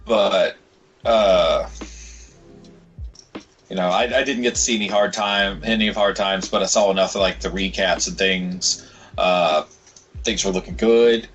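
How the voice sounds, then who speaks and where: Young male podcast co-host, low voice, rambling and profane, faint music under. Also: unhurried, pauses often, lo-fi sound. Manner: rambling, swears freely, quotes others in animated bits. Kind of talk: casual chat.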